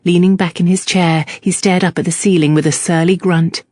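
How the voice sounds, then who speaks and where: A narrator reading a novel aloud at a steady, even pace, with a mid-pitched voice. The recording is dry and close, with no room echo. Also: fairly quick. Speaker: audiobook narrator. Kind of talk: scripted narration.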